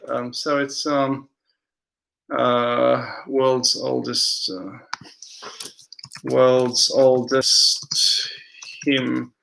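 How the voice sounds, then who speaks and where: A man's voice: mid-range voice, gravelly, bright, forceful tone. A man hosting a casual live stream, reading viewer comments aloud and rambling with many hesitations.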